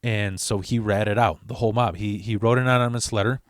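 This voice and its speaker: A man's voice: on the low side, fairly even intonation, fairly quick, no room sound. Rambling, profane male storyteller, dry sound. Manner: rambling and profane, with restarts and asides. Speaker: storyteller host of his channel. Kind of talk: casual storytelling.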